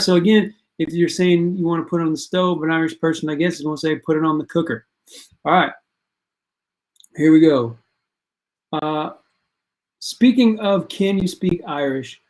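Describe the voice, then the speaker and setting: A parent hosting a casual online quiz stream for students, chatting and reading out players' answers and scores. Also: medium pitch. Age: adult parent.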